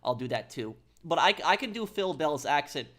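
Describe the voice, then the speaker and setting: A man streaming a game, chatting casually and haltingly, reading out and answering chat. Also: a little high, very animated, a bit bright.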